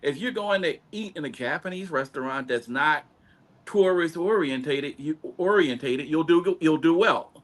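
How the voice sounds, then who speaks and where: Male podcast guest, chatty storyteller, slightly high voice that swings around a lot. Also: expressive, normal speed. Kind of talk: casual podcast chat.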